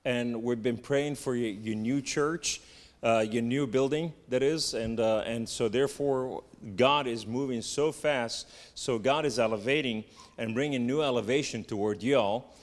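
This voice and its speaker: Lebanese-accented preacher in reverberant hall. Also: male voice, medium pitch. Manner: halting, joking, repeats fillers like "and so therefore". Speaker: guest preacher. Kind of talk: sermon. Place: church sanctuary.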